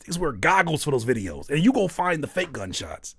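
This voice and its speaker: Animated man hosting a music critique stream. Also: on the high side, fairly quick, slightly rough, no echo. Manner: animated, exasperated ranting with jokes. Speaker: music critique show host. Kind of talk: livestream music feedback, casual and comedic.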